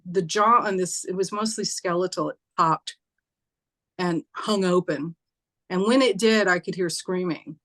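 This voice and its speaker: A woman telling a personal ghost story in casual chat, acting out what people said in a lifted voice. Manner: animated, acts out quoted voices with raised pitch; conversational, with fillers and occasional laughs. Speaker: spiritual teacher and host.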